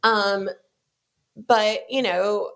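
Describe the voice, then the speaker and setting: A woman's voice: mid-range voice, steady tone, drawn-out words, gravelly, clean tone. A woman, a podcast guest speaking candidly and earnestly, with many "like"s and "you know"s. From American South. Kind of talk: candid conversational storytelling.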